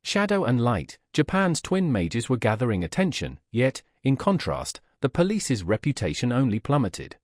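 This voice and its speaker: A man narrating a comic story recap, reading all the parts in the same plain voice. His voice is husky and swings through a lively pitch range. The recording is dry and close. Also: normal speed, hardly any pauses, dry recording.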